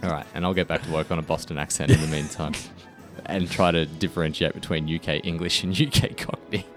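A man's voice: very deep voice, fairly even intonation, brisk, faint music behind. A man co-hosting a podcast in casual chat, self-deprecating and often laughing at himself. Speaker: podcast co-host.

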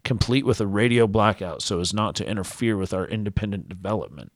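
A man's voice: on the low side, quick pace, no echo, clean studio sound. A man co-hosting a podcast, reading a news story aloud in casual chat with frequent fillers and restarts. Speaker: podcast co-host.

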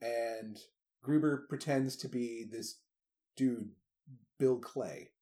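A man co-hosting a casual movie chat, animated and slipping into mock voices when he quotes scenes. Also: medium pitch, takes it slowly. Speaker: podcast co-host.

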